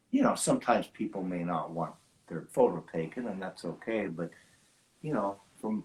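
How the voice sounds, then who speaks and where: An older man, a guest in a casual conversation, speaking thoughtfully with frequent pauses and fillers. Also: lowish voice, darkish tone, rough recording. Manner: thoughtful, halting, many fillers. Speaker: guest, film lab owner.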